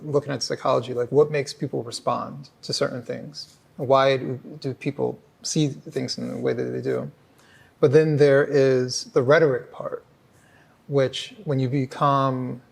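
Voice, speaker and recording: A man's voice: medium pitch, gravelly, breathy edge. A man, a writer hosting a casual conversation, talking in a reflective, wry way. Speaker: host, writer.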